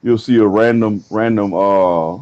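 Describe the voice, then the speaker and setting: A man's voice: lowish voice, a little slow, darkish tone, highs cut off. A man co-hosting a comedy podcast, rambling through profane, joking stories. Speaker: podcast co-host. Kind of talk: casual comedic banter.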